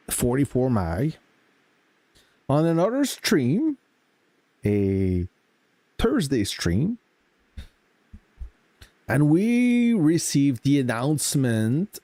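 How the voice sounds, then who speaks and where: A man hosting a game live stream, greeting chat viewers and explaining game mechanics in relaxed casual talk. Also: medium pitch, dry recording.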